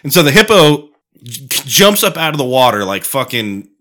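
A man's voice: mid-range voice, sing-song, normal speed, sharp tone. Profane, rambling podcast guy. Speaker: podcast co-host. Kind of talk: casual chat.

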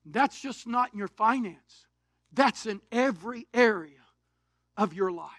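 Man, preacher, very high bright voice, dry close sound, lively sermon storytelling. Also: a little slow, no echo. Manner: animated storytelling preacher, swings between shouts and quiet asides. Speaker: pastor. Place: church sanctuary.

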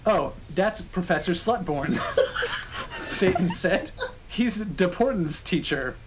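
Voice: medium pitch, huge pitch swings, takes it slowly, background noise. A podcast co-host doing a comic dramatic reading of a story, stopping often for laughing asides. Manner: reads with frequent laughing asides.

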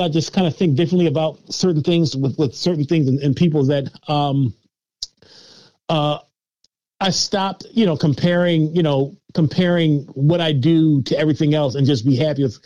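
A man's voice: fairly high pitch, a little mellow, no echo, muffled recording. A man as a filmmaker guest on a podcast, talking casually with lots of laughs and restarts as he mocks himself. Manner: laughing, self-mocking, many restarts. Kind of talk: casual interview chat.

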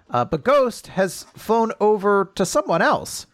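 Male podcast co-host, fairly high voice, rambling casual recap, dry close sound. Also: huge pitch swings, measured pace, no echo. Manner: rambling, full of fillers and laughs.

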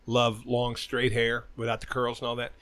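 A man's voice: medium pitch, completely flat delivery, normal speed, fairly bright tone, no room sound. A middle-aged man on a podcast, telling a long, loose story with lots of swearing. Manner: rambling storyteller, swears a lot. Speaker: podcast host. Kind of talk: casual chat.

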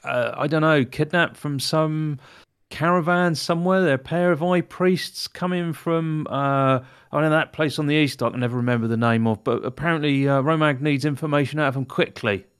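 A man's voice: fairly high pitch, normal speed, fairly bright tone, clear, resonant tone. A man playing a tabletop game, talking casually and often searching for words. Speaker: player.

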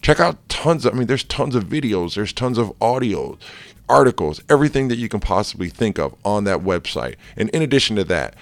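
A married life coach with kids gives a casual motivational talk, energetic and jokey, full of fillers. His voice is on the low side and brisk, in a dry recording.

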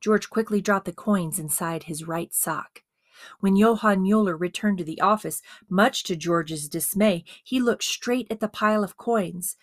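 A woman narrating a dramatized biography as an audiobook, with expressive storytelling. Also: medium pitch, a little slow, no echo, clean studio sound.

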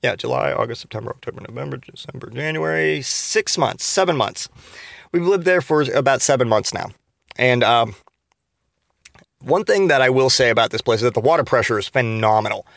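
A podcast host delivers a casual comedic monologue, ranting with plenty of swearing and sarcasm. He keeps restarting and trailing off into asides, his medium-pitched voice creaky, a bit bright and a little fast on a dry recording.

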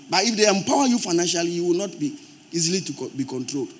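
A man with a Ghanaian accent preaching a sermon in church, forceful and emphatic, rising to loud outbursts. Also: sits high, animated, racing. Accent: Ghanaian English. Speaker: pastor.

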